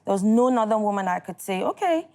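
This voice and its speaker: Nigerian woman telling her story lively. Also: mid-range voice, fast talker, clear, resonant tone. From Northern Nigeria. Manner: animated storyteller, acts out what others said. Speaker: talk show guest, TV host and producer. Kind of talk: casual studio interview, storytelling. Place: TV studio.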